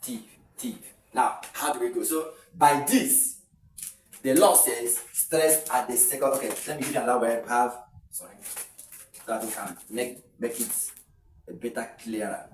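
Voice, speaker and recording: A male English teacher giving an exam-prep pronunciation lesson, repeating words slowly with frequent hesitant fillers. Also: mid-range voice, faint music behind. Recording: roomy sound from a distant mic with faint noise.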